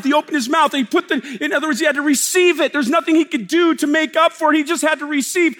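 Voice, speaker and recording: A man preaching a sermon, swinging between loud emphasis and hushed, slow lines. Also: very high voice. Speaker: pastor. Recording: long hall reverb.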